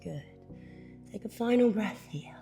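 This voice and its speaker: A woman's voice: mid-range voice, unhurried, gravelly, faint music behind. Encouraging woman guiding a yoga flow. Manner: calm coaching cues, encouraging, drops to a whisper at times. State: a bit out of breath while demonstrating. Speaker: yoga instructor. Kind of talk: guided yoga class instruction.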